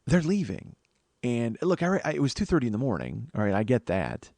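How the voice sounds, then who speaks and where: A man's voice: mid-range voice, wildly swooping pitch, a little fast, gravelly, a little mellow, no echo. A man hosting a comedy podcast, telling a long personal story in a profane, self-deprecating and emphatic way. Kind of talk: storytelling monologue.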